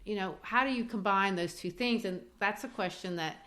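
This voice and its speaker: A woman's voice: mid-range voice, normal speed, pushed and bright. A woman co-hosting a podcast, talking through a play in a thoughtful, casual way and reading quotes aloud. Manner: thoughtful, reads quotes aloud with small voice changes. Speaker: podcast co-host. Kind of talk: casual literature discussion.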